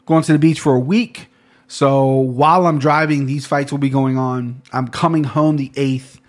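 Man, podcast host, casual rambling talk, occasional swearing, self-deprecating, middle pitch. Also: steady tone, normal speed. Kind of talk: casual sports betting chat.

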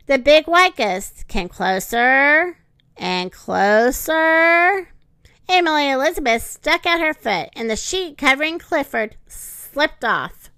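A woman reading a picture book aloud in an expressive, sing-song way, close to the mic. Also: high-pitched, no room sound. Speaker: storyteller.

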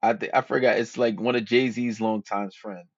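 A man with a fairly low voice gives a loose, rambling monologue full of slang and cursing. The sound is dull and lo-fi, and it is dry and close, with no room echo. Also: steady tone, normal speed. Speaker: podcast host. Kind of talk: casual monologue, dating advice.

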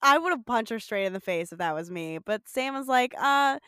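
A young woman co-hosting a podcast, recapping an episode in a casual, animated, profane way. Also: mid-range voice, fairly quick, clear, resonant tone, no echo, studio quality. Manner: swears, animated storytelling with acted quotes. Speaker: podcast co-host.

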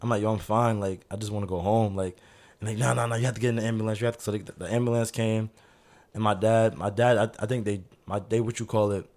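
A man telling a story in casual chat, animated and slangy, acting out other people's voices and laughing often. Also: fairly low pitch, quick pace.

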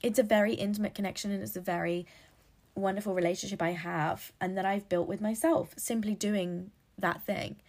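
A woman's voice: medium pitch, fairly even intonation, fairly quick, gravelly, darkish tone. A woman hosting a casual solo podcast, chatty and rambling, laughing at her own slips. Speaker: podcast host.

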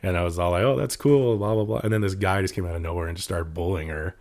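Young man, low-ish voice, lively storyteller, casual podcast chat. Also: very fast. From California. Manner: animated storytelling, laughs often, voices others.

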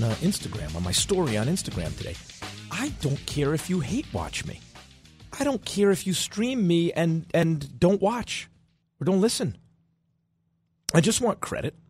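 A man hosting a sports talk podcast, wisecracking and animated, his voice a little worn today. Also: medium pitch. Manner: animated, wisecracking, jumps between loud and soft. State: slightly losing his voice. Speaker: podcast host.

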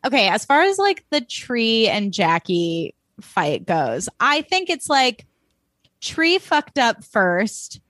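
A woman co-hosting a podcast in casual chat, blunt and swearing freely, talking in quick bursts. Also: mid-range voice, a bit bright, no echo. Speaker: podcast co-host.

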